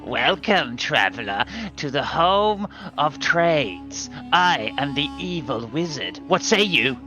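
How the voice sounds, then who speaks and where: A man's voice: on the high side, very animated, music in the background. A man playing a hammy evil wizard in an improvised comedy sketch, theatrical and jokey. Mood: grand. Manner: theatrical, jokey, drawn-out phrases. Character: hammy evil wizard, oddly Italian-tinged.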